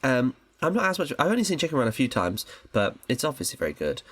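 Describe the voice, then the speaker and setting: A man's voice: mid-range voice, big pitch swings, fast, fairly bright tone, breathy edge, no echo. A man co-hosting a film podcast, chatting casually and rambling with lots of fillers. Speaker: podcast co-host.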